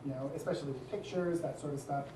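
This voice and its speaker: A man's voice: fairly high pitch, fast, noisy background. A man gives a casual talk to an event audience, chatty and full of asides. His voice carries a roomy echo from the hall. The mic sits some way off, with faint ambience behind him. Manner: chatty, with frequent asides and light laughter. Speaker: speaker at a design community event. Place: event room with a live audience. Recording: echoey room, distant mic, faint ambience.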